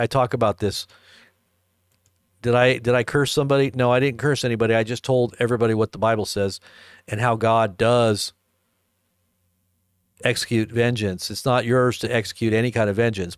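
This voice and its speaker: Man, preacher-commentator, emphatic, rhetorical questions, medium pitch, dry close sound. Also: clean tone, no room sound.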